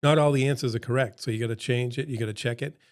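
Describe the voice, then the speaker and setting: A man's voice: mid-range voice, steady tone, fast talker. A middle-aged man presenting a seminar in a casual, pep-talk way, repeating his points for emphasis, his throat a bit froggy.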